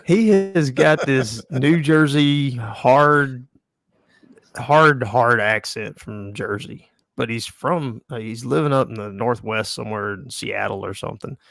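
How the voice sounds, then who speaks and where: Gravelly fishing guide with a wry manner. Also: male voice, medium pitch, a little slow, a bit bright, no echo. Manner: easygoing, wry storyteller. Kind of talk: casual storytelling chat.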